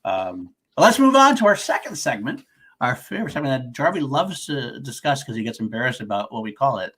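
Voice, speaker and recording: A man's voice: mid-range voice, fairly quick, husky. Guy cohosting a podcast, laughs a lot, easygoing chat. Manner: laughs often, excitable. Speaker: podcast co-host. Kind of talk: casual chat.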